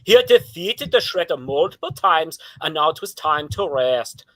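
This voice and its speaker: A man improvising comic narration from home for an online show, in a brisk storytelling manner. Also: on the high side, very animated, a bit bright.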